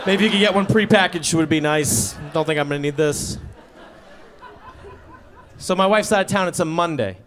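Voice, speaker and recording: A man with a high voice performs stand-up on a stage, speaking into a handheld mic. He tells his story in a sheepish, conversational way, breaking into exasperated outbursts. A faint murmur of the room sits behind him. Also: normal speed, pauses often, fairly bright tone, some chatter behind, a little hiss or hum. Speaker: stand-up comedian. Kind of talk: stand-up comedy set. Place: comedy stage before a live audience.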